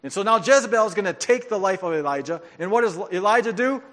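Animated preacher in a reverberant hall. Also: male voice, sits high, fast, hardly any pauses. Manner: animated storytelling with joking asides. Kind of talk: sermon.

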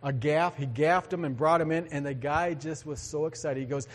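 A man's voice: on the high side, fairly even intonation, moderate pace, hardly any pauses, big-room sound. A male pastor preaching a sermon in a church, in a conversational way with joking asides to the congregation.

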